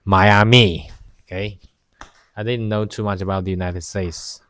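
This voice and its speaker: A man from China speaks slowly and haltingly in English, his first language Chinese, as he chats to the camera. His voice sits low and he pauses often to search for words. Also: fairly even intonation, fairly bright tone, clear, resonant tone. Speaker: vlogger. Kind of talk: casual talk to camera. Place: outdoors by a campfire.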